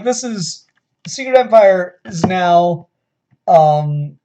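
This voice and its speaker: A man's voice: a little high, darkish tone. Sarcastic guy rambling thru a comic review, exasperated, lots of ums. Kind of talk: casual solo review.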